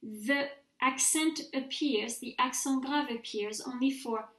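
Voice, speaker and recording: A woman teaching a recorded grammar mini-lecture, speaking clearly and patiently and repeating words slowly for students to copy. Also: high-pitched, a bit bright. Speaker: French teacher. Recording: roomy echo.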